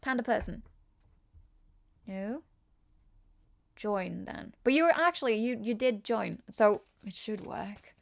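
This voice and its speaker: Giggly Norwegian woman, slightly gravelly. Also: medium pitch, expressive, slow pace, long pauses. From Norway. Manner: chatty and giggly, answering chat comments. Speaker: tarot reader. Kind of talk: casual live-stream reading.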